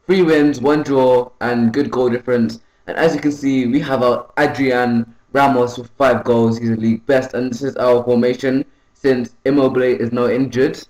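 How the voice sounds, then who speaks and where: A man's voice: medium pitch, roomy sound, poor audio. A young man giving casual, rambling play-by-play commentary over a football video game, correcting himself often and perking up when a goal goes in. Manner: rambling, self-correcting, excitable on goals. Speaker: gaming YouTuber.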